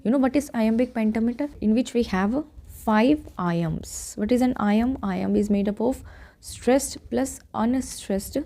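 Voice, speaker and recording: A woman's voice: a little high, unhurried, dark tone. A woman with an Indian English accent giving an exam-prep lecture, explaining step by step and checking in with "okay" and "right".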